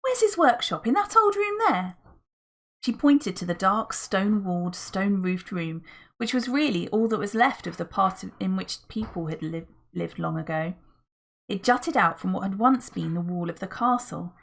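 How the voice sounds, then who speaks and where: A woman with a fairly low, gravelly voice reads a children's adventure book aloud at a normal speed. As the audiobook narrator, she tells the story expressively.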